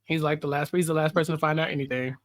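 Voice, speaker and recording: A man co-hosting a podcast in casual chat, joking and acting out quick quoted skits. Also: a little high, steady tone, a bit bright. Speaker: podcast co-host.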